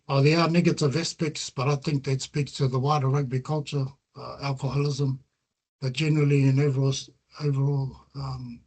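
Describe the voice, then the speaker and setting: Presenting his research with slides, a middle-aged New Zealander speaks earnestly and reflectively, blending Māori words into his English. His mid-range voice is a little mellow and slightly rough.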